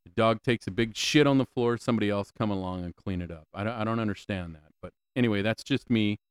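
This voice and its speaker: Speaking fast in a lowish, clear, resonant voice, a podcast host rants on his own show into a close mic with no echo. He curses a lot, asks questions over and over, and keeps stammering and starting again.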